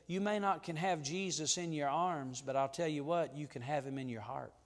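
A man delivers a sermon in a high-pitched voice. He preaches with fervor, sinking to a near hush and then climbing to ringing emphasis. His words trail off into the long reverb of a church hall. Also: moderate pace. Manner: fervent, preacherly, swings from hushed to ringing. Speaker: pastor. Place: church sanctuary.

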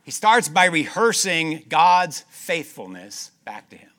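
A man preaching with a bright, ringing tone that cuts through clearly. He swings from loud, emphatic stretches to soft, slowed passages, repeating key phrases and asking his congregation rhetorical questions. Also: a little high, very animated. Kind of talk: sermon.

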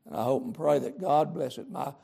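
A man's voice: on the high side, sing-song, a little fast, gravelly, dark tone, slightly rough. A man preaching a sermon, fervent and emphatic, repeating lines for stress and using folksy grammar.

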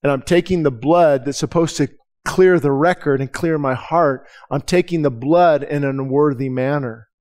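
Pastor guy preaching at church, bit of a high voice, talks real candid, repeats himself, keeps asking the crowd stuff. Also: normal speed, a little mellow. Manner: candid, emphatic, repeats words and restarts often; asks the congregation direct questions. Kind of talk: conversational sermon. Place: church service.

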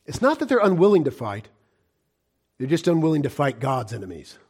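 Impassioned high-voiced preacher man. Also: very animated, a little fast, breathy edge. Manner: impassioned, swings from loud cries to hushed, low-voiced warnings. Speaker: pastor. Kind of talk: fiery evangelistic sermon.

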